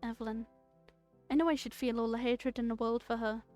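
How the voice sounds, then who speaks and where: A woman streaming, reading a story game aloud and reacting with jokes and loud outbursts. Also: on the high side, fairly quick, soft background music. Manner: animated, joking, bursts into loud outbursts and laughter.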